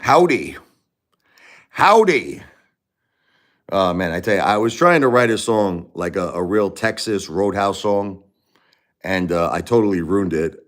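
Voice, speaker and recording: A man's voice: deep voice, normal speed. A man in his forties with a Brooklyn New York accent, chatting casually and rambling on a live stream, full of "you know"s and restarts. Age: 40s.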